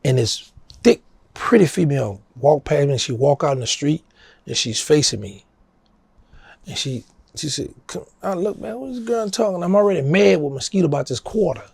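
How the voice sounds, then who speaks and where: A middle-aged man with a New Orleans accent spins a long street story, jumping up in pitch whenever he plays the people in it. His voice is gravelly and a little husky. It sounds close and dry, with no room around it. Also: normal speed, dry recording. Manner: animated storyteller, acting out quoted voices in a higher pitch. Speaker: interview guest. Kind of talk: storytelling in a casual interview.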